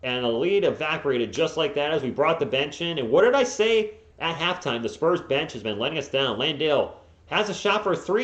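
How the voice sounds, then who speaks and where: A man giving live play-by-play as a fan streamer, openly partisan and bursting into frustrated yelling at the players. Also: on the high side, lively intonation, fairly quick. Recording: echoey, dull lo-fi home mic.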